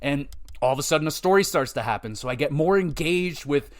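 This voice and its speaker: Chatty man with a higher voice. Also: fairly quick. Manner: rambling, profane, animated retelling with quoted voices. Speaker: podcast host. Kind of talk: casual game-review chat.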